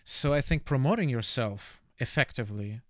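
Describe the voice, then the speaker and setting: A man with a Russian accent, a native Russian speaker, chatting casually while he draws on a live art stream. He pauses often to search for the right word, reflective and relaxed. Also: medium pitch, dry recording, studio quality. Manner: halting, often stops to search for words; relaxed, reflective, laughs easily.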